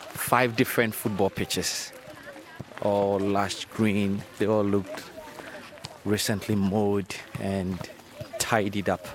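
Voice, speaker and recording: A man, presenting a radio documentary in an earnest, measured storytelling voice. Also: medium pitch. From Ghana. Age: 30s.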